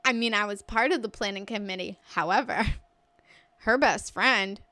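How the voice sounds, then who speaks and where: A woman's voice: medium pitch, normal speed, bright, forceful tone, no echo. A woman co-hosting a podcast, telling a story in casual chat and acting out the people in it. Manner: storytelling with laughs, acting out others. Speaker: podcast co-host.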